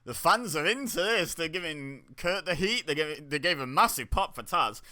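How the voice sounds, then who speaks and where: A man's voice: a little high, lively intonation, normal speed, sharp tone. A young man giving casual, chatty commentary while watching a wrestling show, reacting aloud with laughs and exclamations. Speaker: wrestling watch-along host.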